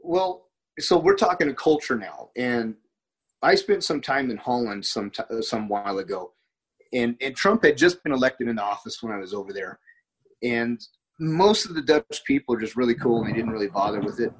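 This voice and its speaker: American guy, kinda raspy, chatty storytelling, lots of restarts. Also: medium pitch, animated, normal speed, rough recording. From United States. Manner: rambling, with frequent restarts and quoted dialogue. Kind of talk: casual conversational storytelling.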